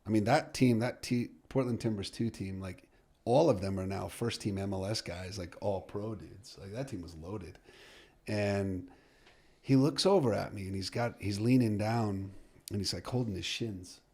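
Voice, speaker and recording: Lively storytelling coach, low voice. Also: male voice, normal speed, breathy edge. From United States. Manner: lively storyteller who acts out dialogue, with many fillers and restarts. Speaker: soccer coach, podcast guest. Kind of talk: storytelling in a podcast interview.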